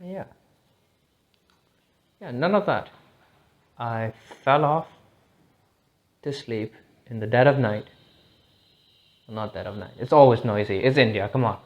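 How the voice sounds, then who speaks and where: On his solo podcast, a host living in India thinks out loud in a loose, unscripted ramble, swearing freely and often restarting his sentences as he drifts between thoughts. His medium-pitched voice moves slowly with long pauses, and the sound is lo-fi.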